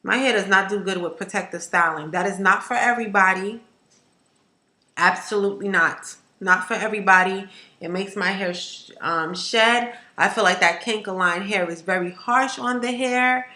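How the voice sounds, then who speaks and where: A woman hair vlogger chatting to camera in an emphatic, animated way, ranting and repeating herself for effect. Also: medium pitch, moderate pace. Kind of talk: casual to-camera chat. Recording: echoey room.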